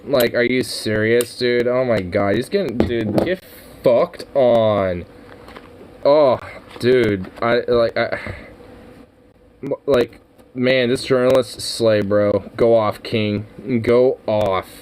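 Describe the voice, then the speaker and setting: A man's voice: medium pitch, slow, noisy background. A young man doing reaction commentary over a clip, swearing, mocking and laughing as he talks.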